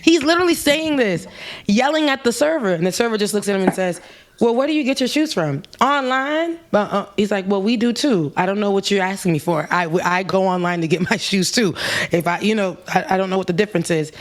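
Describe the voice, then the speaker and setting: A woman co-hosting a casual chat, telling a lively story and mimicking the people in it. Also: fast. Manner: animated, mimics people with raised pitch. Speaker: co-host.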